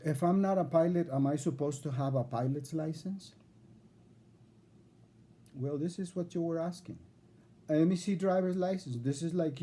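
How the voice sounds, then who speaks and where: A man's voice: on the high side, dark tone. A man recording a video in which he speaks straight to a judge, in an indignant, lecturing way and often repeating himself. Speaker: self-represented litigant addressing a judge.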